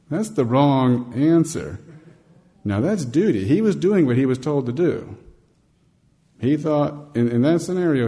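Mellow-voiced man preaching conversationally. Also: fairly low pitch. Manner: storytelling, conversational, acts out dialogue; grows emphatic and animated on key points. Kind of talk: sermon.

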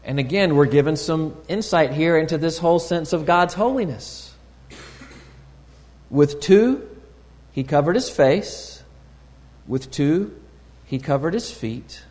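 A man delivers a sermon in a measured, teaching manner, stopping to search for words. His voice sits a bit high for a man. The sound rings with the long reverb of a large hall. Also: lively intonation, darkish tone. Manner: deliberate, teaching tone with pauses and fillers. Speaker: preacher.

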